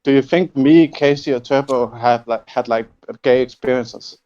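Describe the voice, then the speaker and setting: A man's voice: mid-range voice, normal speed, dark tone, distant mic, dull audio. A man in a heated online debate, challenging and interrupting the others.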